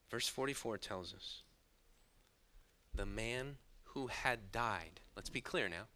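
A man preaching a sermon, moving between quiet, hushed asides and sudden loud bursts, and chuckling now and then at his own points. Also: medium pitch. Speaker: pastor.

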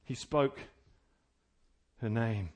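Here the same kind of sermon comes from a middle-aged man with a medium-pitched voice who draws out his words. He shifts from forceful, emphatic preaching to soft, homespun stories with chuckling asides.

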